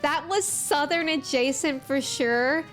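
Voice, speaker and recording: A woman's voice: high-pitched, slow, a bit bright, soft background music. A young woman streamer chatting casually and playfully with her viewers, giggling often. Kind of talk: casual live-stream chat.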